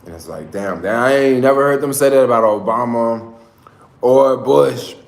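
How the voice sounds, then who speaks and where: A man with a softened Black Southern American accent, chatting loosely on a home livestream, rambling in slang and tacking "yo" onto his sentences. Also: medium pitch, normal speed, reverberant. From American South, family in Tennessee. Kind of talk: casual livestream chat. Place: home in San Francisco.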